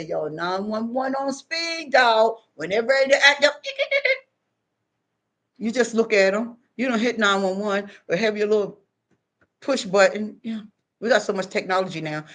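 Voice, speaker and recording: A woman vlogger giving casual spiritual advice, preachy and animated, repeating phrases for emphasis. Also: mid-range voice.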